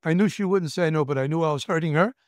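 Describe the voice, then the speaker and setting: This guest is a Brooklyn-born retired federal agent in his 70s with a New York accent, recounting stories in a frank interview. He's emphatic and halting, repeats his words, and performs the voices of people he quotes. The close, dry recording has no room sound and captures a smooth, clear voice pitched somewhat high for a man.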